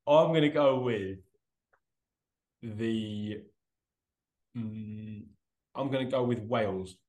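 A man's voice: on the low side, darkish tone, reverberant. A man co-hosting a casual podcast, answering quiz questions with dry, rambling jokes. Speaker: podcast co-host, quiz contestant. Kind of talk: casual banter.

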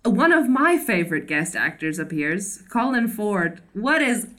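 A woman's voice: medium pitch, very animated, unhurried, fairly bright tone. A young woman co-hosting a podcast, recapping a TV episode in casual chat, with lots of fillers and laughter. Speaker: podcast co-host.

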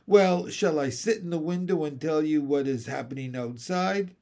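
A chatty, curious young boy reporting what he sees, in a voice only a little lighter than his reader's own, as a man puts him on. His telling is steady and matter-of-fact. It is a storybook voice. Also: fairly high pitch, normal speed, close to an everyday voice. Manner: chatty, describing.

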